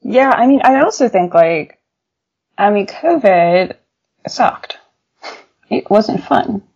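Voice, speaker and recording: Gravelly low woman, lo-fi interview audio. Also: slow pace. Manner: animated, laughs often, many fillers. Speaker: journalist guest. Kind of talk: casual interview storytelling.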